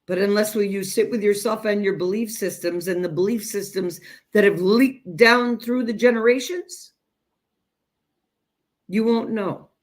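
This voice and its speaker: A woman delivers a direct spiritual self-help talk with emphatic, deliberate phrasing. She drops into long pauses between ideas and speaks straight to her listeners. Her pitch sits in an ordinary middle range. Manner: emphatic, addresses listeners as "you guys". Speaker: self-growth teacher.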